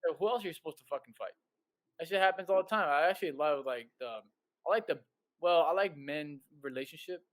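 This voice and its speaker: A man's voice: a little high, a little fast. A man co-hosting a podcast, blunt and swearing in casual banter. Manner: blunt, swears freely, trash-talking banter. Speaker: podcast co-host.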